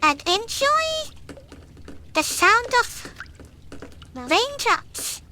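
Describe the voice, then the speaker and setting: Woman streamer, very high and sing-song, slow playful commentary, faint noise. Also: big pitch swings, sharp tone. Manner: playful, teasing, chatty with the game. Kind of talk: casual gameplay commentary.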